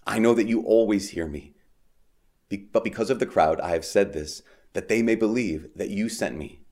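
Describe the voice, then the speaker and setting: A man with a fairly low voice reads scripture steadily and solemnly as a priest. He then slips into a loose, conversational homily full of fillers and quick asides. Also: darkish tone. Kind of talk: Gospel reading and casual homily.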